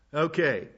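The speaker is a pastor whose voice sits on the high side, creaky and husky with a fairly bright tone. He works verse by verse through a Bible sermon, chatty and folksy, with many restarts. It's captured in dull lo-fi audio.

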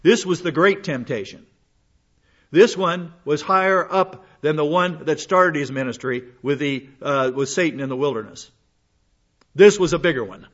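Older male pastor, rambling folksy sermon, husky slightly high voice, muffled lo-fi recording. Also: normal speed, a bit bright. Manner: folksy, rambling with frequent fillers and restarts. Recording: dull lo-fi sound.

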